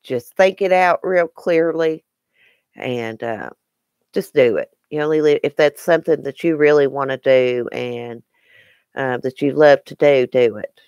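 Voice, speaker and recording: A woman's voice: a bass voice, a little slow, a little mellow, clean tone, no echo, lo-fi sound. A woman with a Southern American accent hosting a casual live stream, chatting and answering viewer comments by name.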